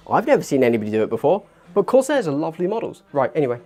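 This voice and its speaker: A man in his thirties hosting a casual hobby livestream, chatty and animated, getting worked up and poking fun at himself. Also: on the high side, fast talker. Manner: chatty, animated, gets worked up and self-deprecating. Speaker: livestream host. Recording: faint background music.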